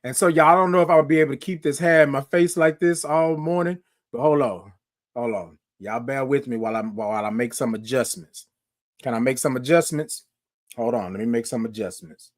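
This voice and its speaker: A man with a medium-pitched voice speaks briskly while hosting a live morning show. He chats casually with his viewers, addressing them directly and often repeating himself.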